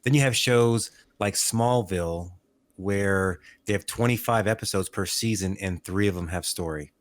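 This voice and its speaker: A man co-hosting a podcast in casual chat, giving opinions in a measured way and repeating words as he thinks. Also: fairly low pitch. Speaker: podcast co-host.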